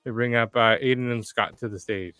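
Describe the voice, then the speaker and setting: An energetic man hosts a live online developer workshop, his voice bright and sharply clear. He talks with plenty of "uh" fillers. The sound is close and dry, with no room in it. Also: mid-range voice, a little fast, dry recording. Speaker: livestream workshop host. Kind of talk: upbeat live stream hosting.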